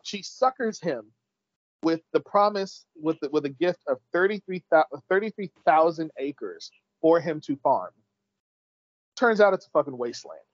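A man's voice: a little high, big pitch swings, moderate pace, dry recording. A man co-hosting a casual chat, eagerly recapping a story, swearing freely and acting out the characters' lines. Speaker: podcast co-host recapping an episode. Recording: dull lo-fi dry sound.

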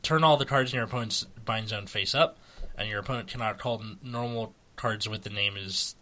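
Bright-voiced American man rambling. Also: on the low side, brisk. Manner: rambling, many fillers and restarts. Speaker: podcast co-host. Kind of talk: casual chat about a card game.

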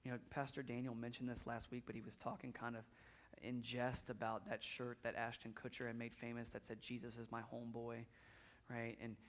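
A man's voice: mid-range voice, completely flat delivery, fairly quick. A man in his thirties preaching a sermon in a church, conversational, often repeating words as he builds up intensity. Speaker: pastor.

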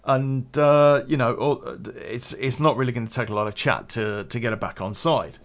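A man's voice: mid-range voice, fairly even intonation, normal speed. A man telling a story from his past in a casual, rambling way, with restarts and swearing.

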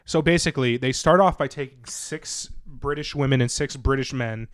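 A young man hosts a loose, crude chat, narrating a story with plenty of filler words. His voice is smooth and clear. The sound is close and dry. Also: medium pitch, moderate pace, no room sound. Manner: crude, animated storytelling with mocking put-on voices. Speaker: podcast host. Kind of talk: casual chat.

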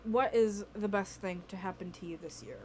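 Animated young woman telling a story. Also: mid-range voice, normal speed, slight background noise. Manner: animated, swearing, laughing storyteller. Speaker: podcast host. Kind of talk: casual storytelling chat. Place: her bedroom at home.

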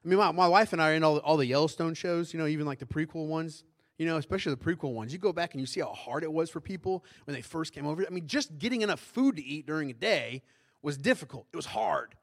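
Middle-aged male pastor, fairly high voice, chatty sermon delivery that checks in with the room. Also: lively intonation, quick pace. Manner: conversational, asks the congregation questions.

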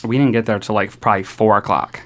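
A man's voice: on the low side, fairly even intonation, fast, fairly bright tone. A young man with a New York accent casually telling a story on a podcast, rambling with lots of "like" and swearing freely.

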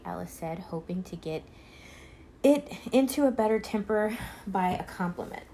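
A woman reading a children's storybook aloud, unhurried, now and then stumbling and restarting a word. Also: mid-range voice, expressive, dark tone, a little hiss or hum, rough recording. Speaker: reader.

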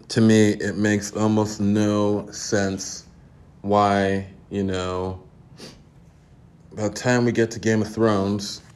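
A man's voice: fairly low pitch, darkish tone. A man hosting a podcast, ranting casually in a profane, exasperated, rambling way. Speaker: podcast host. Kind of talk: casual opinion rant.

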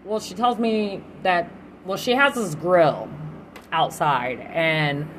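Woman, young adult, lower pitch, casual solo podcast chat, candid, cursing. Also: slow, a little hiss or hum. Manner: candid, chatty, swears freely. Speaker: podcast host.

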